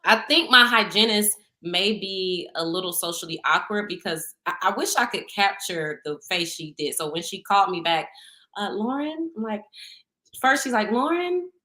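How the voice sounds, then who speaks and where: A woman's voice: fairly low pitch, moderate pace. A woman, co-hosting a casual podcast chat, telling stories with lots of laughter and acted-out quotes. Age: 30s. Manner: animated storytelling, laughing often, acting out quotes. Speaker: podcast co-host.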